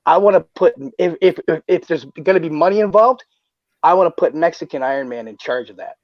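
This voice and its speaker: Male streamer, high-pitched and passionate, swears a lot; dull, dry mic sound. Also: brisk, no echo. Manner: excited, swears often, many restarts. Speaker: stream host. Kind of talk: casual livestream chat.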